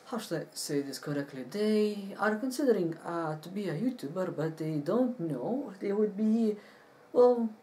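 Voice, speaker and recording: Lively male host with a mellow voice. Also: high voice, husky. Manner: lively, playful intro then teasing questions. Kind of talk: casual chat interview.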